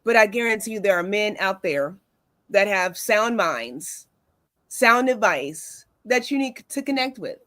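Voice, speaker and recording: A woman's voice: medium pitch, lively intonation, a little slow, dry recording. A woman in her forties hosting a wellness talk show, telling stories casually with many fillers. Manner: warm storytelling with many fillers. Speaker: host.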